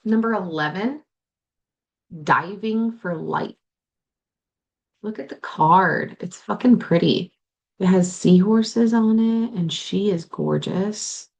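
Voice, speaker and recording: A woman's voice: mid-range voice, slow pace, gravelly, long pauses, a little mellow, highs cut off. A woman hosting a coaching podcast and talking to the listener about grief, candid and swearing freely, at times close to tears. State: tearful at times. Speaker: life coach and podcast host. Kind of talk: solo podcast monologue.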